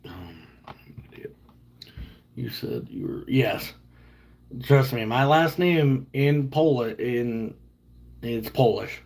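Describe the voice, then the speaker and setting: A man's voice: medium pitch, lively intonation, extremely slow, pauses often, a little mellow. A man in his thirties chatting casually with viewers on a livestream, rambling and joking as he answers their questions. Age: 30s.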